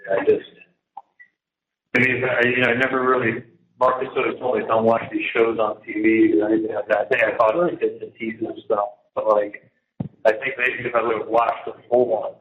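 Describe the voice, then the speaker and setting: A man on a jail phone call, talking in a rambling, halting way that keeps restarting and repeating words. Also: fairly low pitch, little pitch movement, slight background noise. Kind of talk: casual phone conversation. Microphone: phone handset. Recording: tinny, echoey prison phone line.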